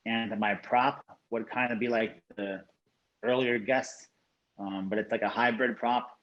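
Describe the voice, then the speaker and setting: A man from South Florida, a professional sports bettor, giving his picks as a podcast guest in a steady, measured way with frequent "you know" and "um". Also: medium pitch, muffled recording. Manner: steady, measured, uses 'you know' and 'um' often. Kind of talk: casual podcast interview.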